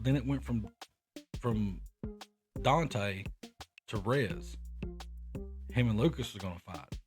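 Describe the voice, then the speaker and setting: A young man hosting a podcast, telling rambling, profane stories in casual chat. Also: lowish voice. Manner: profane, rambling anecdotes with animated quoted voices. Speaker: podcast host. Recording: music playing in the background.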